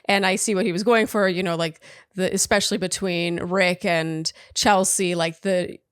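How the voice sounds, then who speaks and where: A woman's voice: fairly low pitch, steady tone, clear, resonant tone, dry recording, clean studio sound. A woman co-hosting a podcast in a casual chat, talking with lots of likes and you-knows. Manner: chatty, many likes and you-knows, quick laughs. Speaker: podcast co-host.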